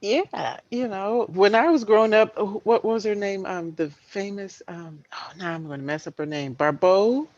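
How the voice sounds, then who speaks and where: A woman's voice: medium pitch, normal speed, few pauses, a little mellow, no echo, lo-fi sound. A woman co-hosting a discussion over a video call, reacting often and laughing. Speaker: co-host. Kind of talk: casual chat.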